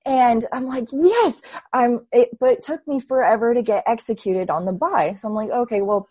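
A woman in her twenties, a guest telling her story in a casual, animated way and acting out her own past thoughts. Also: on the high side, fairly quick, husky, no room sound. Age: 20s. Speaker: interview guest.

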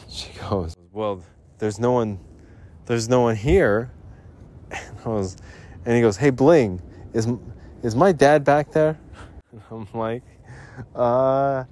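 A man's voice: medium pitch, fairly even intonation, slow pace, long pauses, darkish tone. A man hosting a casual podcast, rambling through a funny story with profanity and laughter. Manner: loose, profane, laughs through his own stories. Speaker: podcast host.

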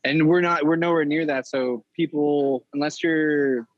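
Young man, casual podcast guest, lively storyteller with a slightly higher voice, dry recording. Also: measured pace, dry recording, dull audio. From California. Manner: animated storyteller, swears, acts out voices. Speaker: pin designer guest.

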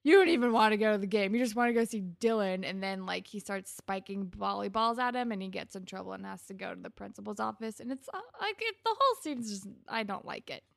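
Gravelly young woman recapping a show. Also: mid-range voice, fairly quick, hardly any pauses, no room sound. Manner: animated retelling, acting out characters' lines. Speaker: podcast co-host recapping a TV episode. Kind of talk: casual chat.

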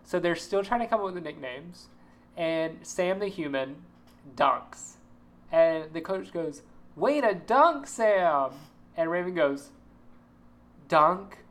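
A woman's voice: deep voice, unhurried. A woman co-hosting a podcast, retelling TV scenes with laughter, ums and restarts. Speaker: podcast co-host. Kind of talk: casual chat recapping a TV episode.

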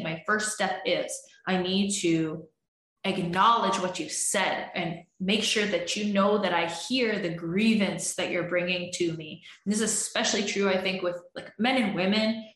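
Her voice sits in the mid-range, a bit bright, at normal speed, and the room echoes around her. As a relationship coach on an advice podcast, she earnestly explains how partners communicate, acting out couples' arguments as examples.

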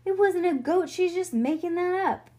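A woman's voice: very high-pitched, moderate pace, a little mellow, pitched above the performer's own voice. A woman voicing a skeptical, bossy young girl in a storybook reading. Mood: scoffing.

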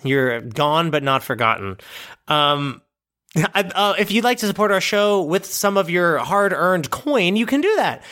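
A man co-hosting a comedy podcast, talking in a loose, rambling way full of "like" and casual swearing. His pitch swings widely as he riffs. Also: big pitch swings, measured pace, bright, forceful tone. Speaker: podcast co-host. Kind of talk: casual improvised chat.

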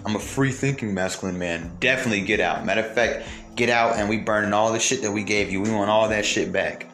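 A man's voice: on the low side, fast, a bit bright. A man delivering a heated, profane monologue to his viewers, firing off rhetorical questions. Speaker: commentator. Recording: roomy echo, faint music behind.

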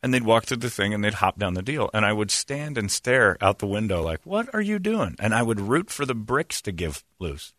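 A man's voice: lowish voice, a little fast, few pauses, bright, forceful tone, no room sound, studio quality. A man hosting a casual chat, rambling and joking, laughing often at his own bits.

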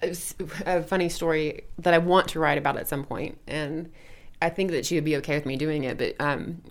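A woman's voice: low voice, fairly even intonation, fairly quick. A middle-aged woman, a blogger who is a guest on a podcast, telling stories candidly and with animation. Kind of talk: casual interview storytelling.

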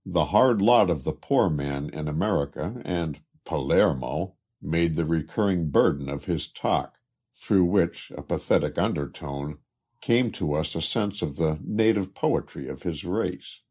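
A man narrating a literary travel story in a measured way. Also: sits low, animated, darkish tone, slightly rough.

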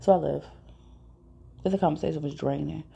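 A woman's voice: low-pitched, fairly quick, gravelly, mellow, breathy edge. A woman hosting her own podcast, telling personal stories in a blunt, profane, casual monologue. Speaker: podcast host.

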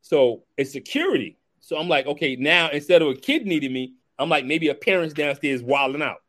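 A man, hosting a casual chat, telling lively stories in slang and acting out the dialogue. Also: on the high side, brisk. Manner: animated storyteller who acts out dialogue, slangy. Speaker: podcast host.

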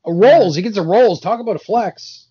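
A man's voice: sits high, normal speed, dark tone, slightly rough, no echo, highs cut off. A man co-hosting a casual movie review chat with dry, wry comments. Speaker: podcast co-host.

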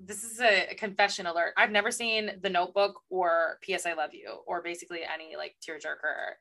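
Quick, bright-voiced young woman. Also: on the low side, steady tone. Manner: quick, blunt, wry. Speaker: podcast co-host. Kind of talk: casual chat.

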